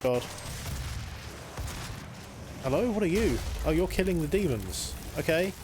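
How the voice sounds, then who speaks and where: A man with a slightly high voice rambles through a live game stream, cracking jokes and talking to the enemies on screen. His voice is recorded at a home streaming setup, and noise runs clearly under it. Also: big pitch swings, a little slow. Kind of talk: live gameplay commentary.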